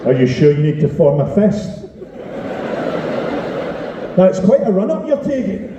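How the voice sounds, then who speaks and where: Sweary stand-up, roomy live recording. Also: male voice, high-pitched, very animated, unhurried. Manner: sweary, sardonic, teasing the crowd. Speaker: stand-up comedian. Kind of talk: stand-up set with crowd work. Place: live comedy venue on stage. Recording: roomy, distant, lo-fi live recording with crowd noise. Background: audience laughter and chatter.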